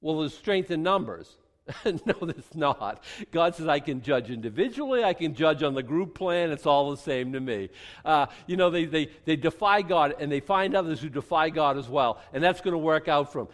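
A man preaching a sermon, wry and animated, acting out voices for God and the kings as he reads scripture. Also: on the high side, moderate pace, long reverb tail. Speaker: pastor.

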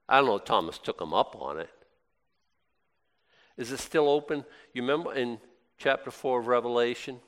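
A man delivers a sermon in a loose, conversational way, throwing rhetorical questions at his listeners. His pitch rises and falls widely as he swings between quiet asides and excited bursts. The recording carries a long hall reverb. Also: brisk, long pauses. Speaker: pastor.

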